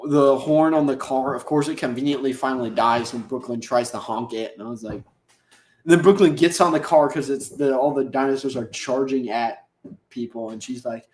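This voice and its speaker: A man's voice: mid-range voice, unhurried. Rambling podcast guy in an echoey room. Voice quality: rambling, slangy, acts out characters' lines. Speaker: podcast host. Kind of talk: casual episode recap.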